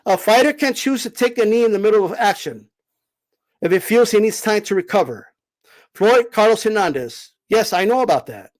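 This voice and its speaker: A man's voice: sits high, expressive, normal speed, poor audio. A man hosting a boxing live stream, lecturing his chat emphatically and raising his voice to repeat his points. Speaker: boxing commentator host.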